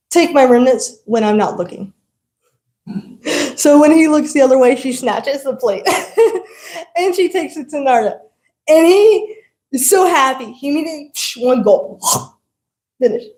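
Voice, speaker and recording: A woman's voice: sits high, a little slow, pauses often, reverberant, rough recording. Laughing woman telling a temple story. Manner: laughs often, animated storytelling. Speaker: devotional speaker. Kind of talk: storytelling talk.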